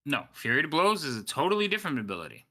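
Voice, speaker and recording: A man acting as game master in an online tabletop game, explaining rules quickly and laughing often. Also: on the high side, huge pitch swings, sharp tone.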